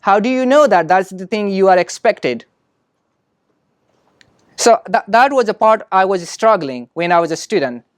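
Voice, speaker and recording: A woman speaking as a talks things through in a reflective way, leaning on "you know" as she looks for her words. Her voice sits at a middle pitch. The recording is dry and close, with no room echo. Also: lively intonation, a little slow, long pauses. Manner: thoughtful, frequent "you know" fillers. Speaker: speaker on international student experience. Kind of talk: conversational explanation.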